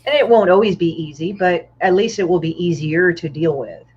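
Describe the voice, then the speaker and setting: Woman guest, low-pitched, blunt and foul-mouthed storyteller, muffled lo-fi sound. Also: a little fast, a little mellow, a little hiss or hum. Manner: blunt, profane storyteller who acts out other people's lines. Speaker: guest comic artist. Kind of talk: casual podcast chat. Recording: dull, muffled lo-fi audio.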